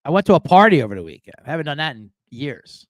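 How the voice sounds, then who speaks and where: A man's voice: a little high, very animated, fast talker, no room sound, clean studio sound. A middle-aged man hosting a live sports betting show, rambling in a jokey, profane way. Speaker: sports betting podcast host. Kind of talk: casual live show chat.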